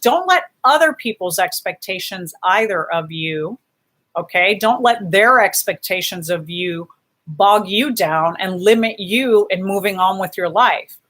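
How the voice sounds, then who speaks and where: A woman hosting a casual live stream, reading out viewer comments and gently encouraging her viewers. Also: medium pitch, animated, a little slow.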